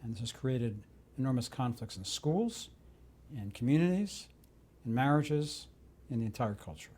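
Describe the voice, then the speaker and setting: A man offering expert commentary in an interview. His mid-range voice is plain and steady, and he lays out his points in a measured list. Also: medium pitch.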